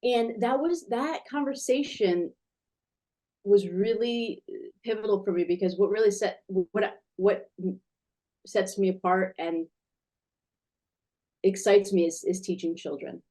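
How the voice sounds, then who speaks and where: Woman, 40s, mid-pitched, eager and rambling, a teacher guest on a video call. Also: unhurried, pauses often, dark tone. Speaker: guest, children's language teacher. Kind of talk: casual video interview.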